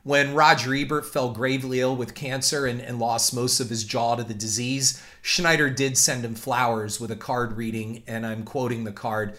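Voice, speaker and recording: A male host with a bright, crisp tone tells a story in lively commentary. He often doubles up on words as he pushes ahead. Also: medium pitch, moderate pace, few pauses. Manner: animated, repeats words while talking. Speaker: podcast host.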